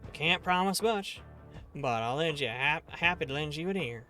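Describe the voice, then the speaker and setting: Man doing a loud, jolly drunk old guy with a shaky accent. Bright, high voice. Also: expressive, normal speed, soft background music. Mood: boisterous. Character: drunk cheerful old man, rough, calls people boy.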